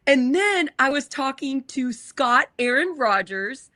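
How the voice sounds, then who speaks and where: A woman's voice: sits high, animated, slow pace, few pauses, sharp tone, no echo. A woman co-hosting a podcast, telling a personal story in an earnest, emotional way. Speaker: podcast co-host. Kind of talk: casual chat.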